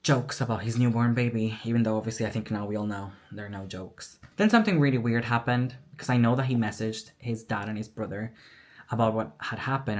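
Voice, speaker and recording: A woman telling a personal story in a candid, emotional vlog, acting out what others said. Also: very deep voice. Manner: candid, emotional retelling with quoted dialogue. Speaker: vlogger.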